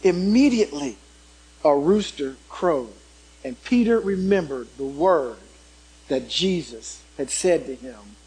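A man preaching a sermon, turning dramatic as he swings from loud emphasis to hushed tones and puts questions to the congregation. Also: fairly high pitch, animated, takes it slowly, husky, rough recording.

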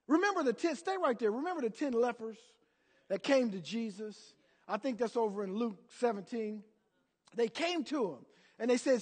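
A man's voice: extremely high pitch, lively intonation, normal speed, big-room sound. A man preaching a sermon as pastor, emphatic and calling out to the congregation for answers. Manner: emphatic, call-and-response preaching.

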